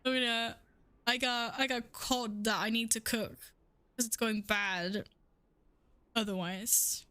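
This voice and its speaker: A woman's voice: fairly high pitch, steady tone, slow, long pauses, sharp tone, no room sound. A young woman streaming a game, chatting casually with her viewers, playful, swearing freely and laughing often. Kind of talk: casual live-stream chat.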